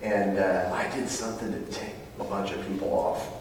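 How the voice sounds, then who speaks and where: A man preaching a sermon to a live audience, animated, with loud emphatic bursts and quiet asides. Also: sits low, moderate pace, distant mic, slight background noise. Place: large room with live audience. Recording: roomy hall, picked up from afar.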